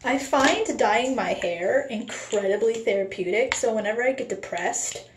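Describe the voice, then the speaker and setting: A woman's voice: fairly high pitch, moderate pace. Giggly teen girl vlogging in echoey room. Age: late teens. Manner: giggly, swears casually, self-mocking. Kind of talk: casual vlog chat. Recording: echoey room with faint background noise.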